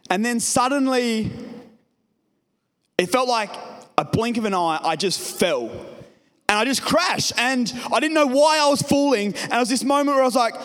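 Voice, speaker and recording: A man's voice: very high voice, a bit bright. A young man preaching a sermon to his congregation, telling a personal story in a casual way. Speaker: pastor. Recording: reverberant hall.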